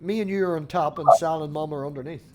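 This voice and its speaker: A man's voice: a little high, fast, heavy background noise. A man hosting his own stream, bantering with friends on a group call in a teasing, mock-put-upon way. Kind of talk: casual banter on a video call.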